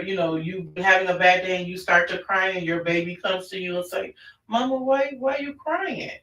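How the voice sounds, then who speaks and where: A man's voice: high voice, pushed and bright. A man presenting an online parenting class in a conversational way, often restarting his sentences. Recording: roomy, distant mic.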